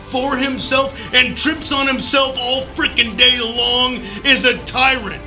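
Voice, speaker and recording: Man, high voice, very bright, animated storyteller, some quiet music behind. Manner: animated, acts out his own voice in quotes, loud bursts; mild profanity, folksy. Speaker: recovery speaker. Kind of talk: motivational storytelling talk.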